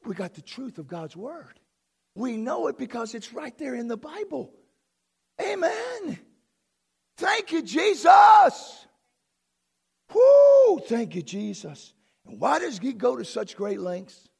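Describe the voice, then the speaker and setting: A man preaching a fervent sermon from a church platform, bursting into shouts and exclamations. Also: very high voice, very animated, moderate pace, gravelly, slightly rough. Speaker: pastor.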